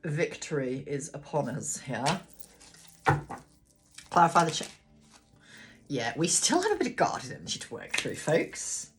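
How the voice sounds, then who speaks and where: A woman's voice: sits low, very animated, measured pace, long pauses, background noise. A woman doing a casual live tarot reading, chatty and blunt, swearing and talking to her cards. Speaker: tarot reader. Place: home room with a ring light.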